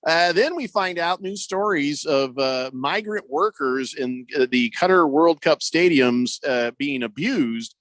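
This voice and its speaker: Joking sports radio man with a higher voice. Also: lively intonation, a little slow, few pauses, a bit bright, no room sound. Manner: loose and joking, many fillers and restarts. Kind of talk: casual sports radio talk, reading listener messages. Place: radio studio.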